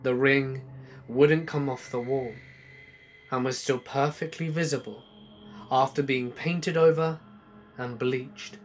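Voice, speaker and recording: A man reading true scary stories aloud as a narrator, slow and hushed, letting his voice sink low at the ends of lines. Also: fairly even intonation, faint music behind. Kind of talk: scripted horror narration.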